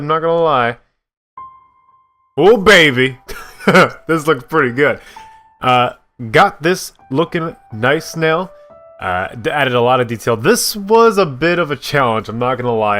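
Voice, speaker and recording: A young man giving casual, self-mocking commentary while he builds in a block game, with a deep voice that sometimes cracks. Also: a bit bright. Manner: chatty, self-mocking, laughs at his own slips. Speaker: gaming YouTuber.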